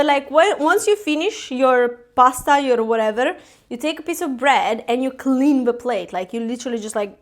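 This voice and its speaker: A woman hosts a relaxed live cooking stream. Her voice sits high, and she chats loosely with viewers, giggling often at her own cooking. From Italy. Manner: chatty and giggly, laughs often at herself. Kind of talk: casual live-stream chat while cooking. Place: home kitchen.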